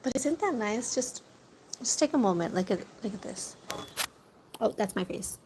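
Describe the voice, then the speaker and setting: A woman's voice: a little high, expressive, normal speed. A young woman chatting casually to her viewers as a food vlogger, telling stories, swearing now and then and laughing often. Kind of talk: casual chat to a live audience. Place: outdoors near a corner store. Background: wind and birds.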